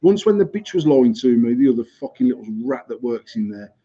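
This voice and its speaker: A man's voice: medium pitch, very animated, a little fast, warm tone, husky. A British man in his thirties hosting a podcast, telling a heated, sweary story in casual chat. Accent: British English. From United Kingdom. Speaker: podcast host. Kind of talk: casual chat, ranting anecdote. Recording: slightly muffled lo-fi recording.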